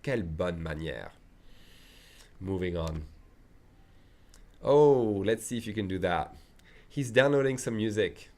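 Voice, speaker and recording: A man's voice: lowish voice, expressive, measured pace, long pauses, mellow. Chatty male teacher. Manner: chatty, explains with asides and checks in often. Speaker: French teacher. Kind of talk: online language lesson.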